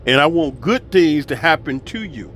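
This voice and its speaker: Animated preachy man with a lively pitch. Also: normal speed, slight background noise. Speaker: commentator. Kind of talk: casual talking to camera.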